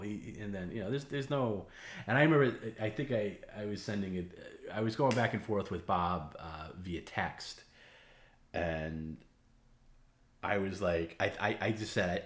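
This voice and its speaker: A man's voice: low voice, a little slow, echoey room. A man hosting a casual late-night stream, talking in a rambling way with many fillers and restarts. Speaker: host.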